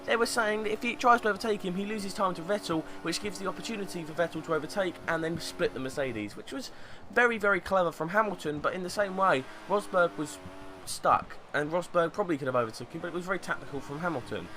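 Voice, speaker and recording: A man's voice: high-pitched, quick pace, hardly any pauses, pushed and bright, slight background noise. A young man with a sarcastic, mocking manner, reading out fan tweets and commenting on them in a casual way. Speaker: YouTube commentator.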